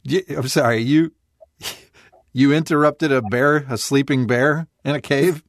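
Man, mid pitch, dry close sound, podcast host, casual. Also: a little slow, no echo. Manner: reactive, brief interjections. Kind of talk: casual interview.

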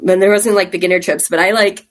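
A woman's voice: medium pitch, fairly even intonation, fast. A woman from Texas, a caver, telling stories in a rambling, chatty way during a casual interview, laughing often. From Texas, USA. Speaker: guest caver.

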